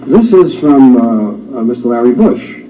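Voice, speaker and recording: A man's voice: medium pitch, animated, a little slow, warm tone. A man hosting a studio discussion, asking pointed questions in an emphatic way. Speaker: host. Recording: roomy, distant, dull old studio tape with faint hiss.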